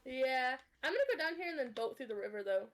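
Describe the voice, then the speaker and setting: Young woman, podcast co-host, casual and giggly, slightly high voice. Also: expressive, quick pace, crowd noise. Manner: giggly, often breaks into laughter. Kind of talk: casual chat while gaming.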